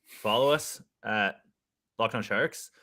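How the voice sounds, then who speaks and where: A man co-hosting a casual live podcast, joking around and getting excitable, with casual swearing. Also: lowish voice, takes it slowly. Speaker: podcast co-host.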